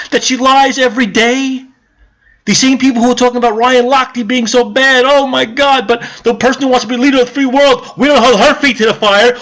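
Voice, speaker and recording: Guy ranting politics into the camera, cussing a lot, voice pitched high and bouncing all over. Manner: shouting, profane, lecturing the viewer; calmer, grumbling explanation later on. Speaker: political vlogger. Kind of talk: angry political rant to camera.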